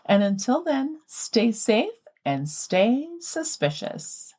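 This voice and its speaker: A woman hosting a podcast in a casual, chatty way, animated and quick to laugh. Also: a little high, husky. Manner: animated and giggly. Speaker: podcast host.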